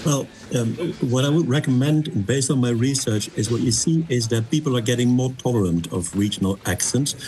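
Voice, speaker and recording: A man speaking as a linguist guest on a radio discussion, halting with many pauses and restarts. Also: medium pitch, a little mellow. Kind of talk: expert discussion.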